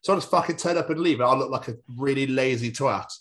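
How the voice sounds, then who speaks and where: A man's voice: medium pitch, fast talker, a bit bright. A Scottish man co-hosting a podcast, rambling and giggling through sweary banter. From Scotland. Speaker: podcast co-host. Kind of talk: casual chat.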